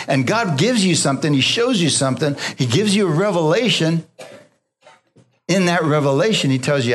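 A pastor preaching a sermon, drawing amens from the congregation and dropping to a soft, low voice when he quotes God. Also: animated, brisk. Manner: call-and-response preaching, asking the congregation for amens; drops low and soft for God's voice, rises for emphasis.

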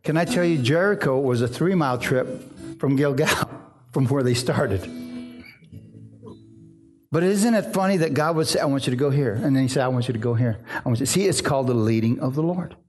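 A man's voice: mid-range voice, normal speed, soft background music. A middle-aged male pastor preaching a sermon, telling stories with acted-out voices and often asking the crowd for an amen. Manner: lively storytelling, acts out voices, asks "amen?".

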